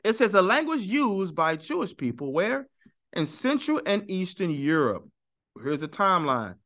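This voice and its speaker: Animated, argumentative man with a bright voice. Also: high-pitched, normal speed. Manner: emphatic, argumentative, repeats for stress. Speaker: YouTube teacher. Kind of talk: animated teaching monologue.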